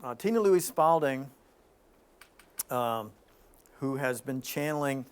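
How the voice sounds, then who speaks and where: A man hosting an informal spiritual talk, telling stories in an animated way with frequent restarts. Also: medium pitch, takes it slowly, clear, resonant tone.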